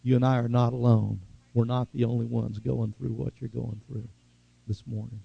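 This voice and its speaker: Gravelly-voiced man preaching a sermon. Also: little pitch movement, muffled recording. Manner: swings from loud, high exhortation to hushed, slow earnestness.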